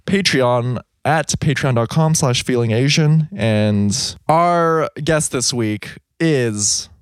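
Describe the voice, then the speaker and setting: A podcast co-host with a mid-range voice, recorded dry and close on the mic. The delivery is playful and teasing, quick to laugh, sliding into a steadier tone for plugs and introductions. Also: medium pitch, smooth, no room sound. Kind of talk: casual chat.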